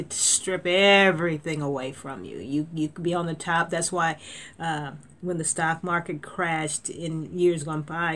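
Low-voiced woman preaching a sermon. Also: fairly bright tone, slight background noise. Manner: conversational preaching with restarts and sudden emphatic lifts.

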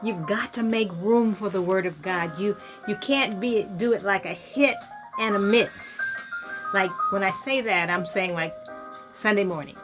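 Fervent woman preacher, loud then whispering. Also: mid-range voice, a little slow, over music. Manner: fervent, swings from loud exclamations to hushed whispers. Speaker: minister. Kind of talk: sermon.

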